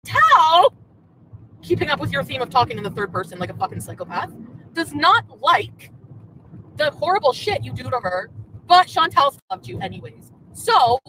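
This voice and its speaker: A woman's high, swooping voice tears into an ex in a furious, profane rant. She is recorded in a car, with a faint hum of road noise underneath. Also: poor audio. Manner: furious, profane, lively ranting. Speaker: streamer in a played clip. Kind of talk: angry rant at an ex. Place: in a moving car.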